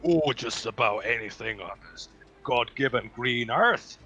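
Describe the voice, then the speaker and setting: Man doing a loud minotaur trader, hearty laugh, bright forceful tone, blustering salesman. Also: medium pitch, animated, measured pace, muffled recording, soft background music. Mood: boisterous. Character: big boisterous male minotaur merchant.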